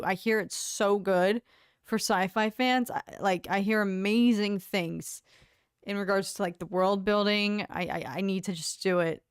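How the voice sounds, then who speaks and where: Young woman, livestream host, chatty and bubbly, smooth clear voice, dry close sound. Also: mid-range voice, no room sound. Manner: chatty, bubbly, laughs often, hums filler tunes. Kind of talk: casual chat reading live comments.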